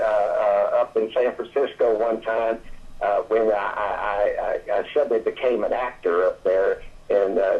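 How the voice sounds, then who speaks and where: An older man from Atlanta, Georgia, calling in as a guest and telling stories in a halting, rambling way with many restarts. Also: on the low side. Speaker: phone-in guest. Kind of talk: casual storytelling chat. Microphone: telephone. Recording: tinny phone line.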